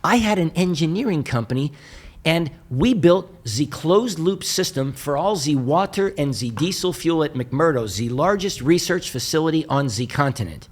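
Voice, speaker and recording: A man's voice: on the high side, expressive, normal speed. A man voicing an elderly Hungarian businessman with a heavy Hungarian accent, blunt and matter-of-fact.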